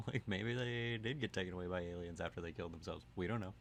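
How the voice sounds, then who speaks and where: A laid-back male podcast co-host with a very low, deep voice. He chats casually, laughs easily and drops in dry asides, with a faint hiss of noise behind him. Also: a little fast, fairly bright tone. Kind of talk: casual chat.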